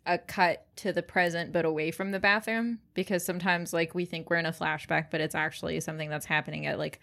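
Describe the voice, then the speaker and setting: A woman's voice: on the low side, steady tone, fast talker, vocal fry, a bit bright. A woman co-hosting a podcast in casual chat, talking freely with frequent laughs and lots of fillers. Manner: chatty, laughs often, many fillers. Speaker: podcast co-host.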